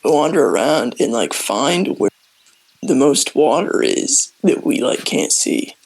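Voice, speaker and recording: A man playing a tabletop game in a relaxed, slangy way. His voice has a gravelly fry and swoops widely up and down, and he drawls slowly. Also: mid-range voice, rough recording. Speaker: player. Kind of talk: casual tabletop role-play.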